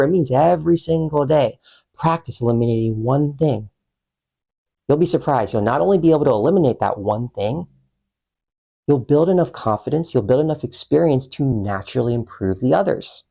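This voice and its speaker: A young man coaching viewers on public speaking in a measured, emphatic way, slowing down to stress key words. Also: medium pitch, animated, gravelly, warm tone. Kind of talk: instructional talk to camera.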